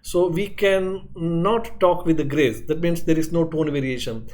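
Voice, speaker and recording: In a classroom lecture on medicine, a man explains things step by step, repeating points and checking in often with "okay" and "isn't it." His voice is on the high side and darkish, and he speaks a little slowly.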